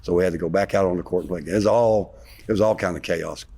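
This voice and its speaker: Deep-voiced man telling an old story. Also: very fast. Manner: rambling, animated retelling with sarcasm. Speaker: interview guest, former basketball player. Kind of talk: storytelling in a sit-down interview.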